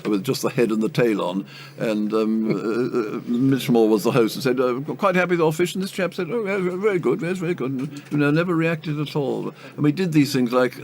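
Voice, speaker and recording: An older Englishman with a gravelly, creaky voice tells stories as an interview guest. He hesitates with ums and uhs and chuckles his way through anecdotes, over a faint background hum. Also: fairly low pitch, a little mellow. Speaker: cricket commentator, interview guest.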